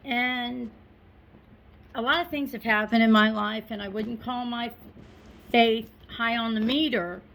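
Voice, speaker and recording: A middle-aged woman telling a personal story to a listening audience. Her voice sits a little high and she takes her time, talking in an easy, conversational way with asides and small laughs. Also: fairly even intonation, unhurried, vocal fry, long pauses, a bit bright, low-quality recording. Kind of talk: personal recollection, told to an audience.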